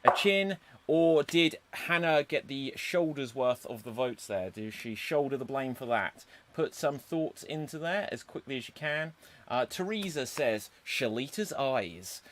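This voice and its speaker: A man's voice: medium pitch, measured pace, a bit bright, slight background noise. A man hosting an improv comedy stream, joking and teasing with loose, hesitant delivery. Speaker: host.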